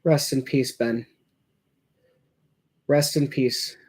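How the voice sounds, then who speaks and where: A man's voice: mid-range voice, steady tone, drawn-out words, a little mellow, husky. A man giving casual watch-along commentary as a hockey fan, rambling and reacting, with many fillers.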